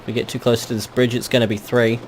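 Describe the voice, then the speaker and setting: A man's voice: medium pitch, level tone, quick pace, a little hiss or hum. A man giving casual gameplay commentary with dry, wry asides and the odd crude joke. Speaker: let's play host.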